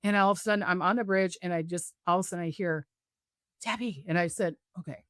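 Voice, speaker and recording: A woman guest, a psychic medium, telling stories on a video call and acting out the voices of others with big jumps in pitch. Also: fairly even intonation, rapid-fire, a bit bright, smooth, no room sound, studio quality. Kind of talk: animated storytelling interview.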